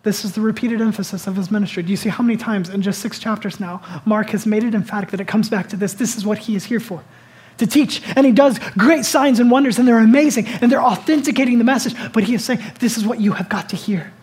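A pastor giving a sermon in a conversational style, asking the listeners many rhetorical questions and moving between loud, urgent lines and soft, hushed ones. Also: mid-range voice, fast talker.

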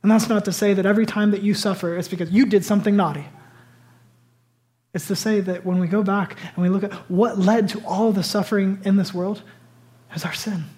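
A man preaching a sermon as a pastor, retelling stories dramatically, swinging between loud bursts and hushed whispers. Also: high voice, steady tone, brisk.

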